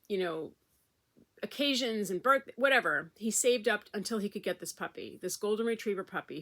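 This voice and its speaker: A middle-aged woman speaks with a bright, clear tone. She talks casually and warmly to her viewers, rambling with fillers and restarts as she tells a story. Her pitch sits in an ordinary middle range for a woman. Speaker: vlogger.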